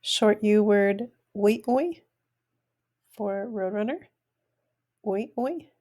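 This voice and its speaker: A woman giving a recorded language lesson at a very slow pace. Her voice is mellow and dark, and she pronounces each word carefully, then says it again for her students. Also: mid-range voice. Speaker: language teacher.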